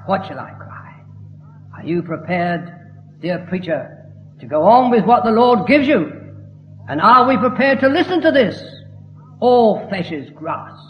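Fervent preacher in an echoey hall. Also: male voice, high-pitched, sing-song, unhurried, soft background music. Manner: emphatic, rising to fervent declamation. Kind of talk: sermon. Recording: echoey hall, dull lo-fi sound.

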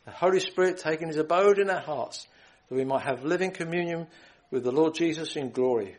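An earnest male preacher with a slightly raised pitch, pleading with his listeners and quoting scripture in old-fashioned wording. He often repeats and restarts phrases and stops to clear his throat. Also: brisk, low-quality recording. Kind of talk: gospel sermon.

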